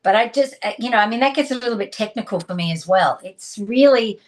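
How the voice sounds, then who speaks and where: A woman's voice: on the high side, expressive, fast. A woman, a guest on a video call, telling a personal story candidly with emotion and restarts. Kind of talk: casual video-call interview.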